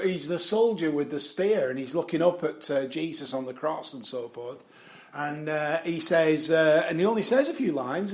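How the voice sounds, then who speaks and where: Gravelly, swearing man. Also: a little high, fairly bright tone. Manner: swears freely, chuckles, trails off with fillers. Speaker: vlogger. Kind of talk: rambling casual commentary.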